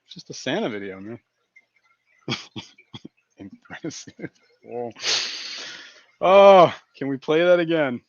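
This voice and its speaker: A man's voice: fairly high pitch, very animated, takes it slowly, pauses often, no echo. Brief: male stream host, giggly and loose, dry, muffled lo-fi audio. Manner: giggly, keeps cracking himself up. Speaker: fishkeeping livestream host. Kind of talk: casual live-stream chat. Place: indoor fish room.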